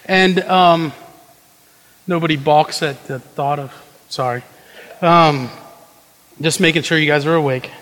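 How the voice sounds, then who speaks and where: A man's voice: on the high side, steady tone, a little slow, long pauses, fairly bright tone, big-room sound, slight background noise, poor audio. A man preaching a sermon in a conversational way, acting out quoted prayers and tossing asides to the congregation. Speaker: pastor.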